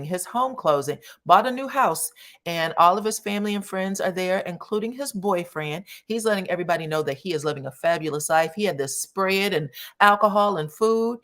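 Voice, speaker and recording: A woman's voice: lowish voice, fairly bright tone. A woman commentator casually recapping a reality show episode, chatty and sassy, talking straight to her viewers. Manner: chatty, addresses viewers as y'all, sassy asides.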